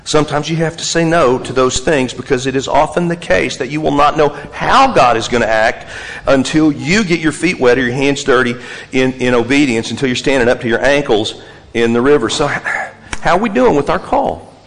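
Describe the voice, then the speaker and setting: A man preaching a sermon as pastor, telling animated stories and driving points home with repeated, emphatic lists. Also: mid-range voice, a little fast, creaky, in a large hall, rough recording.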